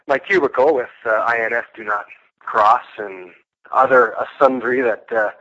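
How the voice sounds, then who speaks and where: A Canadian man calling in as a guest, talking haltingly with many restarts and laughs. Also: medium pitch, bright, forceful tone. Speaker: guest on phone. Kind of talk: casual chat. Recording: telephone line.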